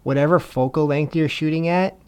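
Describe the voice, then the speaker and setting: A man's voice: a little high, fairly even intonation, a little fast, clean tone. A man co-hosting a photography podcast, explaining settings in casual, teasing chat. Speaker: podcast co-host.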